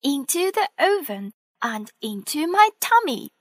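An eager little piglet girl, voiced by a woman reading aloud squeals her lines high and bright. Her pitch leaps about, and the dry close recording keeps every sound crisp. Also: sing-song, measured pace, no room sound. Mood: excited. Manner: shrill and eager.

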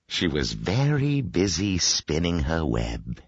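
A man narrating a children's picture book as a professional audiobook reader, expressive and playful. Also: extremely low pitch, slow, breathy edge, dry recording. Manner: expressive, voices each animal. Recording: dry, slightly dull lo-fi audio.

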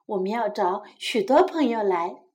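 A woman's voice: mid-range voice, expressive, moderate pace, darkish tone, pitched below the performer's own voice, lightly acted. A woman voicing a cheerful little cricket in a children's story, chirpy and cheerfully puzzled.

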